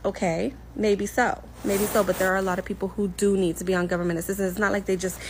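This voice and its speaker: A woman's voice: medium pitch, little pitch movement, fast talker, few pauses, slight background noise, poor audio. A married woman talking in a casual opinion video, frustrated and emphatic. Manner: frustrated, emphatic, repeating points. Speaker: social media commenter.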